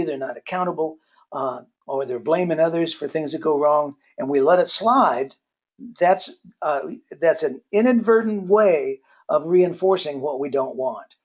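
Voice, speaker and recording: Husky, slightly high-voiced male presenter. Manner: hesitant, many filler words and restarts; folksy storyteller. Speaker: webinar presenter on workplace accountability. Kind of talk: relaxed webinar talk with personal anecdotes.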